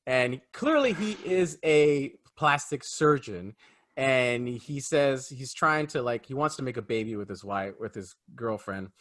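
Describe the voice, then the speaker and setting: A man's voice: mid-range voice, expressive, unhurried, fairly bright tone. A man co-hosting a casual film review podcast, ranting emphatically about a movie. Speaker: podcast co-host.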